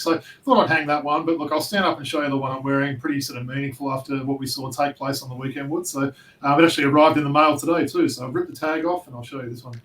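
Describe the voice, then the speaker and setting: Fast, chatty man in an echoey room. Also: fairly high pitch, fairly bright tone. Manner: fast, chatty, sprinkles in mate and yeah. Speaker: podcast co-host. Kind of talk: casual sports chat. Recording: echoey room, distant mic, faint hiss.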